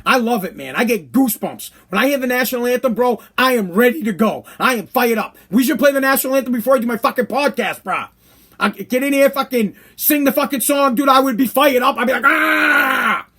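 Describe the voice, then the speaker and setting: A man's voice: very high-pitched, expressive, quick pace, a bit bright. A man hosting his own podcast, ranting bluntly in a casual monologue and swearing often. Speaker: podcast host.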